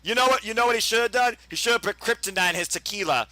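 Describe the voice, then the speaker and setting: A man giving lively, mock-broadcaster play-by-play commentary of wrestling during a watch-along. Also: sits high, rapid-fire, dry recording.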